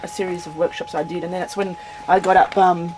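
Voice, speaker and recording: A woman's voice: fairly low pitch, flat delivery, a little fast, long reverb tail. A woman, a graffiti artist and art teacher, chatting casually in an interview, rambling and laughing often. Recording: noisy on-location recording.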